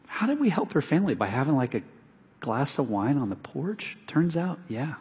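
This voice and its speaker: A man's voice: fairly high pitch, normal speed, husky. A middle-aged man preaching as a pastor, telling stories and acting out the lines of the people in them. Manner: animated storytelling, acts out neighbors' lines. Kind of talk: sermon. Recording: reverberant hall.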